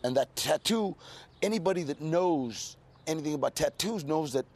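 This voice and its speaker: A man's voice: on the high side, animated, moderate pace, a little mellow, slight background noise. A man in his sixties from California, telling stories in a casual interview with a laid-back, streetwise manner, dropping in plenty of "you know.". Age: 60s. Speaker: interview guest.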